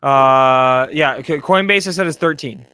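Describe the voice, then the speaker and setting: Energetic male stock show host, bright edge, stammers and restarts. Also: medium pitch, clean tone, no echo. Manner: fast, excitable, stammering restarts. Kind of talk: live stock market show.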